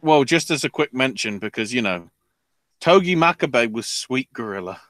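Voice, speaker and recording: A man's voice: mid-range voice, expressive, moderate pace, a bit bright, no room sound. A man co-hosting a podcast, rambling through wrestling news in a casual chat full of fillers. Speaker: podcast co-host.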